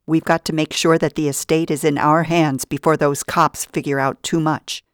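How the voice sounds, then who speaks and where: A woman's voice: low voice, flat delivery, moderate pace, smooth, no echo, studio quality, lightly acted. A woman voicing a harsh, bossy female kidnapper in an audiobook, with a curt, commanding manner. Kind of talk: audiobook narration.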